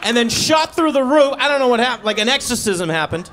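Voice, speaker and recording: High-voiced deadpan stand-up comic. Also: male voice, fast, few pauses, a loud crowd, heavy background noise. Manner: deadpan, conversational storytelling with acted-out asides. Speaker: stand-up comedian. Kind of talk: stand-up comedy set. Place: comedy stage before a live audience.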